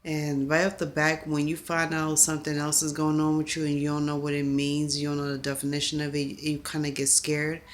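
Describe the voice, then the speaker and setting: A woman talking through a personal confessional vlog, upset and halting, often repeating herself. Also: low-pitched, completely flat delivery, a little hiss or hum. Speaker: vlogger.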